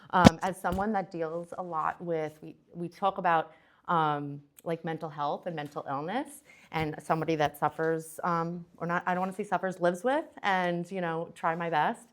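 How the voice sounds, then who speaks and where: A woman's voice: fairly low pitch, fairly even intonation, moderate pace. Chatty woman presenting, fillers galore. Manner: chatty, many fillers and restarts. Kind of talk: casual conference talk.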